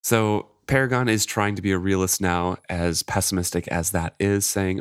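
A man on a podcast walks through a chapter and shares his thoughts, relaxed and considered. His voice sits low. The recording is dry, with no room sound. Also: moderate pace, hardly any pauses, smooth, dry recording. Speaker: podcast co-host. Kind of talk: casual chat retelling a book.

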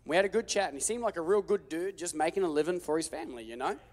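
A man's voice: fairly high pitch, racing. Aussie guy pastor, sermon storytelling, playful, lots of echo. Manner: animated, joking storytelling with acted-out quotes. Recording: long hall reverb.

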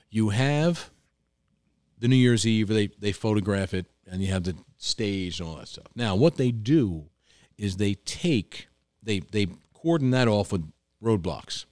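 A New York restaurant owner, appearing as a guest, tells stories in casual chat, acting out what people said and swearing freely. His fairly low voice is unhurried, and the recording is studio quality with no room sound.

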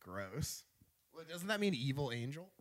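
A man's voice: a little high, big pitch swings, unhurried, very noisy. A man joking and teasing in casual podcast chat.

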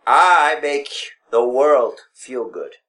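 A man's voice: medium pitch, lively intonation, extremely slow, fairly bright tone. A man co-hosting a podcast, speaking in a pompous, mock-regal formal way. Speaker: podcast co-host. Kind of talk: casual podcast chat.

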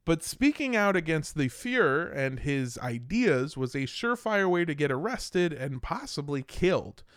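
An American man narrates history on a casual comedy podcast, throwing in crude jokes and asides. His voice is smooth and resonant, sitting a little high. The recording is dry and close. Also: sing-song, normal speed, a bit bright, dry recording. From United States. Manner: irreverent, swearing, jokey asides while narrating.

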